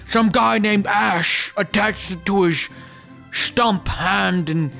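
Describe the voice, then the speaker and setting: A man's voice: high-pitched, slow pace, creaky, bright, forceful tone, faint music behind, full character voice. A man doing a flustered old mother.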